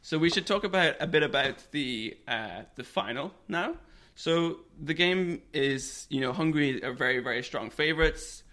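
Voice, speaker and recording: A man's voice: on the high side, expressive, moderate pace, few pauses, sharp tone. A man co-hosting a podcast, telling football history stories in a casual, chatty way. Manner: storytelling, laughs often. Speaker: podcast co-host.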